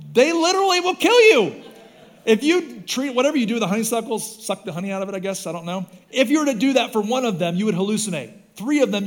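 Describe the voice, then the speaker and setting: A man preaching a sermon as pastor, in a casual, animated storytelling way, with lots of "like" and "right?". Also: sits high. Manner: animated storytelling with voiced quotes; casual, says "like" and "right?" often.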